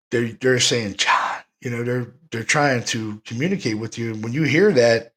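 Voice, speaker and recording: A man's voice: medium pitch, fairly bright tone. A man hosting a paranormal talk show, rambling in a casual, enthusiastic way and often repeating himself. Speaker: paranormal podcast host.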